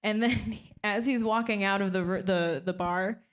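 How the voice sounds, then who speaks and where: Deadpan young woman doing stand-up. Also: mid-range voice, normal speed. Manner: deadpan, self-mocking, laughs between jokes. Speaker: stand-up comedian. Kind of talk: stand-up comedy set.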